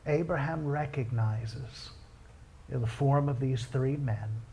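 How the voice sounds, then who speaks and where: A male pastor preaching a sermon in a church, folksy and conversational, with emphatic passages and hushed whispered asides. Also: medium pitch, slow pace. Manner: builds from calm teaching to loud, impassioned pleading with hushed whispered asides.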